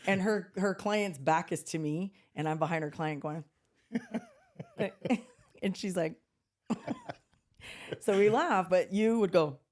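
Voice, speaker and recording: A middle-aged woman with a slightly low voice, chatting as a podcast co-host. She tells stories in an animated way, laughs often and quotes people in lively voices. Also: slow, long pauses. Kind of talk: casual chat.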